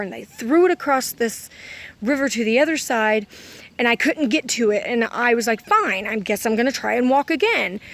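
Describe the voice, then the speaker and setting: Woman, fairly high voice, rambling dream story, lots of ums. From Kentucky. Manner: rambling, self-correcting, full of "um" and "like". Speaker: vlogger.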